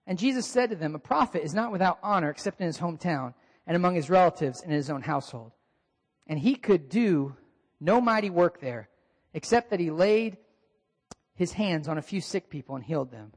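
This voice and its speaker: A man preaching a sermon as a pastor, animated, raising and dropping his voice for emphasis. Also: fairly quick. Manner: animated, shifting pitch and volume for emphasis. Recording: long hall reverb.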